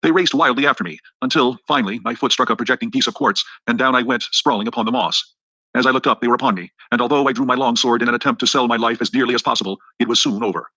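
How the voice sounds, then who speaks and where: Guy narrating an audiobook quick, bright husky voice, dry sound. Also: medium pitch, no echo, low-quality recording. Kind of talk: scripted narration.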